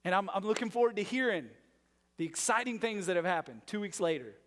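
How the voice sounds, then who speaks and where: A male pastor giving a sermon, emphatic and full of rhetorical questions, moving between loud and hushed delivery. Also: high voice, animated, fast. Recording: long reverb of a large hall.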